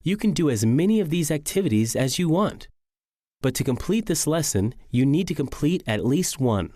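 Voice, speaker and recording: Lively-pitched man reading a lesson. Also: no echo, clean studio sound. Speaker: English teacher. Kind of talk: scripted lesson narration.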